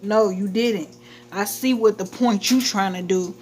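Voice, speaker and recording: A woman's voice: medium pitch, unhurried, a little mellow, slight background noise. Woman, livestream host, blunt, heated, casual chat. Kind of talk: casual venting chat to viewers.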